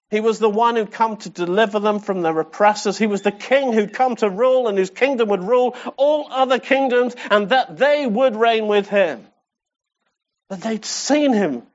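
A man's voice: sits high, muffled recording. A man preaching a sermon with passion, repeating phrases and asking the congregation questions. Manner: impassioned, rhetorical questions and repetition.

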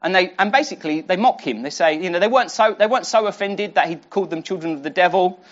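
Speaking fast at a middling pitch, a preacher teaches a Bible passage in a loose, conversational sermon. He often restarts sentences and asks the listeners rhetorical questions, and the recording sounds muffled and lo-fi.

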